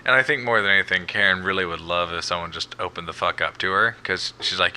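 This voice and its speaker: A man with a very deep voice and a sharp, bright edge co-hosts a podcast in an easygoing way. He swears casually and laughs along with his partner. Faint hiss lies behind the recording. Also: fast talker, hardly any pauses. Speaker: podcast co-host. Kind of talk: casual recap chat.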